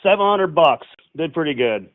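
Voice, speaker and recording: A man's voice: a little high, expressive, moderate pace, no echo. A man calling in to a live show, talking crude and rowdy, swearing freely. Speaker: caller. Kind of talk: casual banter on a phone call. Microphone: phone call on speaker. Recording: tinny phone line, dry.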